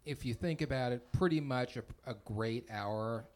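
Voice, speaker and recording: A man chatting casually as a host, relaxed and thoughtful. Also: mid-range voice, moderate pace. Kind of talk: casual chat.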